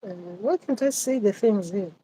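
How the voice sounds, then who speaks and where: A woman hosting a casual livestream chat as a spiritual advisor, speaking outdoors. She talks in a hesitant, reflective way, with many pauses and repeated phrases. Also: mid-range voice, dark tone, a little hiss or hum, poor audio.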